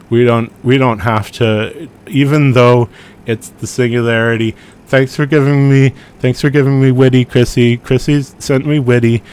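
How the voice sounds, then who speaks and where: A man hosting a livestream, chatting in a rambling, playful way and often repeating himself. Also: lowish voice. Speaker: livestream host.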